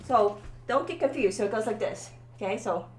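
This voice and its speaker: A woman's voice: on the high side, brisk, roomy sound, soft background music. Woman violin teacher, coaching and encouraging. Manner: encouraging, coaching, keeps checking in with "okay?". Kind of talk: one-on-one violin lesson. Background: faint violin playing.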